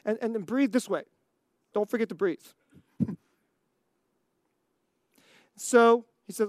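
An American preacher telling a story in a sermon, animated, acting out scenes and laughing often. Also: mid-range voice, normal speed, pauses often, dry recording, clean studio sound. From United States.

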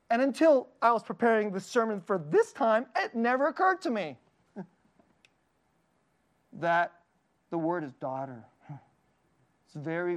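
A man preaching a sermon in an earnest, tender way, often laughing lightly and dropping his voice soft for quoted lines. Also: high voice. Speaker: pastor.

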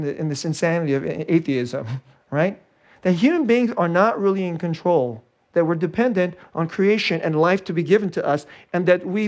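Animated preacher swinging loud to hushed. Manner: animated, swinging from loud high emphasis to hushed low delivery; repeats and restarts phrases, chuckles between points. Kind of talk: sermon.

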